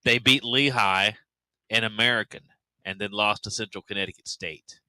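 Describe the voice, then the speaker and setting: A man's voice: fairly low pitch, moderate pace, pushed and bright, clean tone, dry recording. A man co-hosting a casual sports radio show, laid-back, with dry short answers. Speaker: radio co-host.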